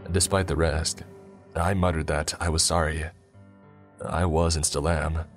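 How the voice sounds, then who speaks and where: A man giving a somber, measured scripted horror narration. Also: extremely low pitch, little pitch movement, faint music behind.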